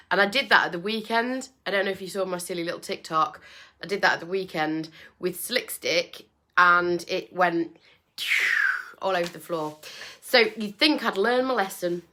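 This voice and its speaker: A woman's voice: medium pitch, sharp tone. A woman hosting a casual livestream from home, chatty and self-deprecating, with lots of ums. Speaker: furniture painter and livestream host. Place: home with doors open.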